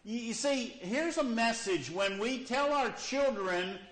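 Animated male preacher in an echoey room. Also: extremely high pitch, takes it slowly. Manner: questioning, repeats "okay?" and "you see?". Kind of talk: sermon.

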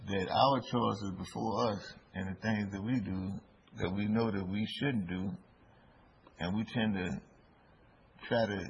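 Male preacher, low gravelly voice, unhurried delivery, dull lo-fi recording with faint noise. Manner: slow, deliberate preaching with emphatic rises. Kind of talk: sermon.

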